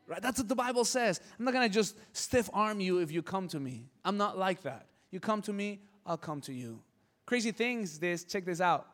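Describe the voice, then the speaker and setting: A man preaching with passion in a high voice, repeating key words and telling stories along the way. His voice carries in a hall with a long, ringing reverb. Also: animated, brisk. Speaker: pastor. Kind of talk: sermon.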